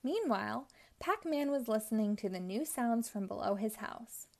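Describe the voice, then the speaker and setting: A woman reading a children's storybook aloud in a slow, expressive way, lightly voicing the characters. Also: a little high, vocal fry. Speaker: storybook reader.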